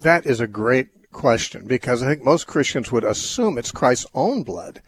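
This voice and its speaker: A man's voice: medium pitch, lively intonation, normal speed, a little hiss or hum. A man hosting a call-in radio show, answering Bible questions in a thoughtful, rambling way with many restarts.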